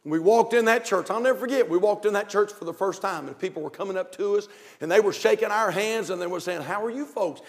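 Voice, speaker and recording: A pastor from North Carolina with a Southern accent, preaching a fervent sermon with repeated phrases, swinging from quiet asides to shouts. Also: male voice, sits high, quick pace, big-room sound. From North Carolina, USA.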